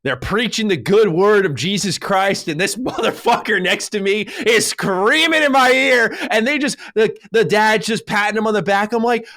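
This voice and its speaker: A man's voice: sits high, moderate pace, hardly any pauses, no echo, studio quality. A young man co-hosting a podcast, telling rants and stories in casual chat and swearing freely. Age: young adult. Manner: animated ranting storyteller, swears freely. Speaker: podcast co-host.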